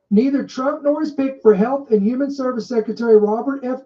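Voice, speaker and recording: A woman's voice: on the high side, warm tone. Emphatic woman reading news, muffled sound. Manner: emphatic, stresses and repeats key words. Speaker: podcast host. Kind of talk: commentary reading news aloud. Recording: muffled, dull recording.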